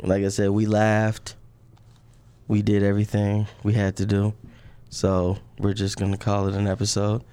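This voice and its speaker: A man's voice: lowish voice, monotone, normal speed, mellow, clear, resonant tone. A man co-hosting a podcast in casual chat, laid-back and rambling, laughing often. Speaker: podcast co-host.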